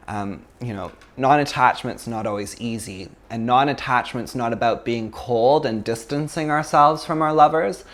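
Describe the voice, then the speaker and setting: A man from Canada, a yoga teacher giving a chatty, casual philosophy talk, full of fillers and laughs. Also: mid-range voice.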